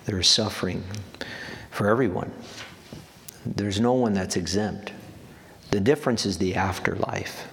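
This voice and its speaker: A man's voice: low-pitched, steady tone, a little slow, gravelly, long pauses, a bit bright. A man preaching a sermon in an earnest way, often repeating words for emphasis. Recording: long hall reverb, faint background noise.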